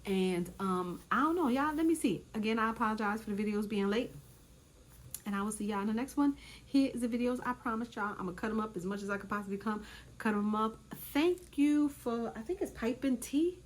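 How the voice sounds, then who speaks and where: A woman recapping reality show episodes in casual commentary, chatty and animated, often repeating herself for emphasis. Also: on the high side, fairly quick.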